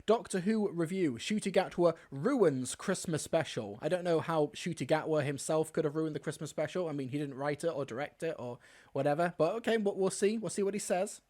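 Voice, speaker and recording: A man's voice: on the high side, a little fast, a little mellow. A man hosting a reaction video, talking back to clips with sarcastic, exasperated commentary.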